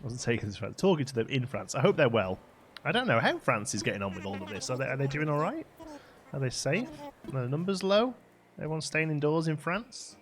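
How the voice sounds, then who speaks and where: A man's voice: mid-range voice, big pitch swings, fairly quick, slight background noise. Chatty man streaming a game. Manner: chatty and rambling, laughs often, hums and sings snippets. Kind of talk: casual chat while playing a game live.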